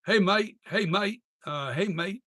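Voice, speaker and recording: A man's voice: sits high, takes it slowly, sharp tone, dry recording, studio quality, voice pushed up, full character voice. A man doing an imitated Australian accent as a friendly bloke greeting his mate, repeating the greeting as he searches for it. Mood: jokey.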